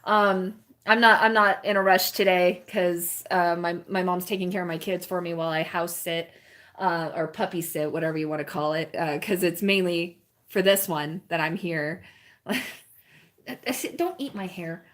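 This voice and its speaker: A woman's voice: on the low side, a little slow, fairly bright tone. A woman chatting casually with her live-stream viewers while she paints, rambling and often laughing and cooing at puppies, indoors at a home.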